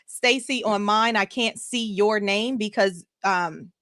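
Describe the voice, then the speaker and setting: A woman life coach hosting a live online show in an energetic, emphatic way, repeating words for emphasis. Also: medium pitch, slow pace, hardly any pauses, dry recording, studio quality. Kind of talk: upbeat live-stream motivational talk.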